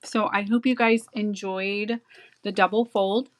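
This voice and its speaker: A woman's voice: medium pitch, steady tone, a little slow, poor audio. A woman showing viewers how to make a greeting card, chatting enthusiastically while she works with her hands. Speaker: card-making demonstrator. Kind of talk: casual craft tutorial.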